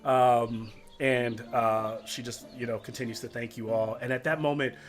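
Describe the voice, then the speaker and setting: A man's voice: mid-range voice, fairly even intonation, moderate pace. A man narrating as game master of a tabletop game, rambling with lots of fillers.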